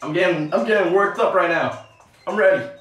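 A woman streaming a game, excitable and swearing often, yelling when she scores. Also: lowish voice, a little fast. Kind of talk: live game stream commentary. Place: bathroom. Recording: echoey bathroom, distant from mic, faint game music.

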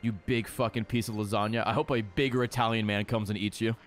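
A man hosting a let's play, giving casual game commentary, excitable and heavy on swearing as he talks to the creatures on screen. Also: lowish voice, fast, faint music behind.

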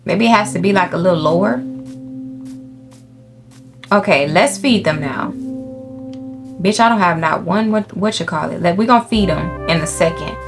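A young woman with a lowish, gravelly voice speaks at normal speed, pausing often, as she gives casual, profane let's-play commentary. The gaming YouTuber talks to the game animals and her viewers over faint game music.

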